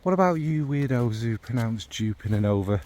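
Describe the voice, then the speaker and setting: Speaking to his vlog audience, this man rambles on casually and at length, full of warm enthusiasm for fragrances. He has a mid-range, animated voice and a moderate pace.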